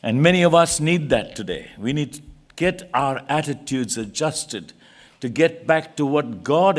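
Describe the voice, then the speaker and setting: Male preacher, earnest and pleading sermon delivery in a church, mid-pitched. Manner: earnest, pleading, rising to emphatic peaks.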